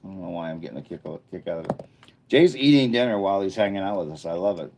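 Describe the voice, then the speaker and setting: Low-voiced guy livestreaming from his room, mellow tone, rambling along while he reads chat. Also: animated, fast talker, slight background noise. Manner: chatty, thinking aloud while reading viewer chat. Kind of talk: casual live-stream chat. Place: indoor room under a bright studio light.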